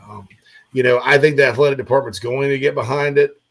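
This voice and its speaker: A man's voice: medium pitch, fairly even intonation, quick pace. A man hosting a sports talk show, rambling casually with lots of fillers and restarts.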